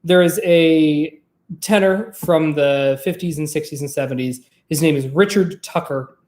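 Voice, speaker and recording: Talking straight to camera, this vlog host, once a trained opera singer, rambles in a lively, profane, casual way. The medium-pitched delivery is measured and sounds reverberant.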